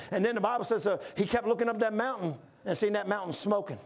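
A man from Washington, D.C., preaching a sermon in a fervent, folksy way, often shouting and calling listeners "man". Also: high voice, fast, gravelly. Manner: folksy, says "man" a lot.

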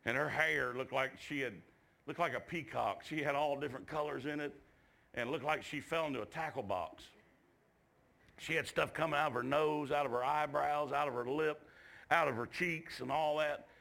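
A gravelly, bright-toned male preacher with a drawl tells a revival story in church. His voice sits a touch high and climbs to shouts at the peaks. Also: moderate pace. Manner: shouts climaxes, drawls folksy asides.

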